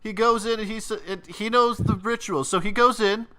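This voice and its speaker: A man voicing a scrawny, panicked hippie who gibbers and swears in a high, frantic voice. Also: steady tone, moderate pace, pushed and bright, smooth. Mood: pleading.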